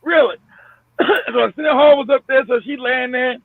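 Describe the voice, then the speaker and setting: A man's voice: extremely high pitch, steady tone, a little fast, vocal fry, no echo. A middle-aged man telling a crude, profane story with laughter, acting out quotes, over a phone call. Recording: tinny phone line.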